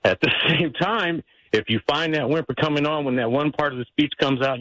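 A man's voice: mid-range voice, a little fast, fairly bright tone, no room sound, low-quality recording. A man calling in to a radio show, giving folksy, confiding advice. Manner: folksy, confiding, acts out examples. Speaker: caller. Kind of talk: call-in advice.

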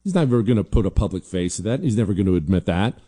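A man hosts an opinionated commentary show. His voice is deep-set and very mellow, with no brightness at all. He drives his points home combatively, repeating lines for emphasis. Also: very animated, fast talker, husky. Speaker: political commentary host.

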